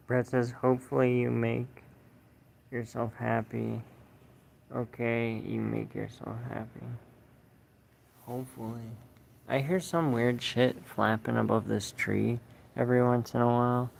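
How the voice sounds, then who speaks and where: A man's voice: mid-range voice, flat delivery, a little slow, vocal fry, pauses often, slight background noise. A young man hosting a casual livestream outdoors under a tree, reading viewer comments aloud in a laid-back, slangy, profane way. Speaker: livestream host.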